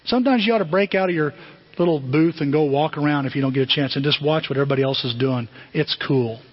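Male pastor, conversational preacher who asks questions, husky and slightly high voice, muffled lo-fi sound. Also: quick pace. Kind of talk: sermon. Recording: dull lo-fi sound.

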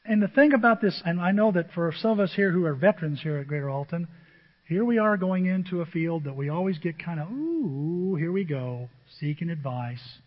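A man's voice: high-pitched, fast talker. A male pastor preaching a sermon, driving his points home with repetition and rhetorical questions to the congregation. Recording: dull audio with long hall reverb.

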